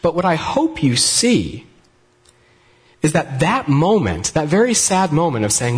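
A man preaching a sermon in a conversational, gently humorous way, often restarting his sentences. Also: a little high, sing-song, a little slow. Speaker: pastor. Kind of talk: sermon with live demonstration.

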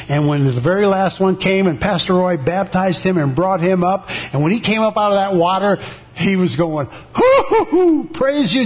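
High-voiced older man, veteran sharing a testimony, halting delivery with lots of restarts, acts out the voices in his story. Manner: halting, with many restarts and repeated words.

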